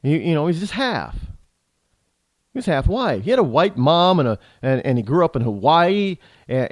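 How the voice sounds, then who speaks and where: Man, talk radio host, rambling indignant monologue, animated pitch, dry studio mic. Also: dry recording. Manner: rambling, restarts often, indignant rhetorical questions.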